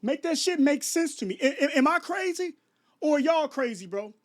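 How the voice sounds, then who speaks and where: A Chicago vlogger in his 30s rants to camera late at night, restarting sentences and firing rhetorical questions at his viewers. His voice is very high-pitched, with lively intonation and a normal pace.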